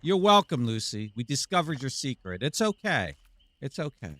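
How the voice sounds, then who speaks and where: A man's voice: mid-range voice, very animated, normal speed, a bit bright, slight background noise. Playful teasing male game streamer. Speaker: live-stream gamer host. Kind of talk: casual live-stream chat to viewers.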